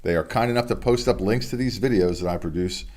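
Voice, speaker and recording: A man's voice: low-pitched, fast, a little mellow. A man hosting a casual local sports report from his home studio, reading honors and signings with chatty offhand asides. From United States. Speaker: sports news host.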